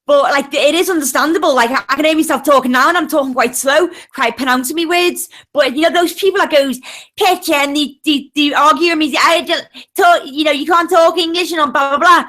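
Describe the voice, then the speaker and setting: On a group video call, a woman with a Liverpool accent chats as a panelist in a high, sharp voice, talking quickly with few pauses. She's blunt and swears freely throughout the casual conversation.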